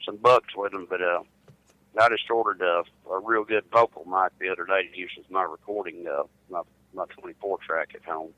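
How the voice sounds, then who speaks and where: A man's voice: deep voice, steady tone, normal speed, phone-quality sound. A middle-aged man, chatting casually by phone and restarting his words as he drawls along. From United States. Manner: drawling, repeats words when starting. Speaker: truck driver calling in. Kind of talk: casual chat.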